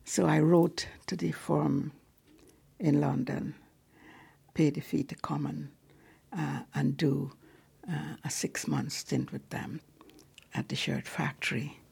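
A woman around ninety from Guyana, a lay preacher telling her life story softly, often dropping to a whisper, in a large cathedral. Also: sits low, level tone, slow, gravelly, pauses often, husky. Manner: soft-spoken, often sinking to a whisper. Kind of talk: personal storytelling.

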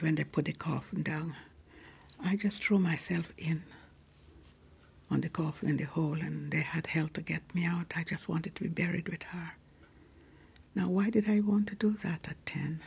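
A woman around ninety from Guyana, a lay preacher telling her life story softly, often dropping to a whisper, in a large cathedral. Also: deep voice, vocal fry, breathy edge. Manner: soft-spoken, often sinking to a whisper. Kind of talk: personal storytelling.

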